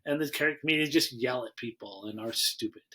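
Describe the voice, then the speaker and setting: A man with a medium-pitched, brisk voice hosts a laid-back movie podcast. He's an animated storyteller who acts out quotes in exaggerated voices.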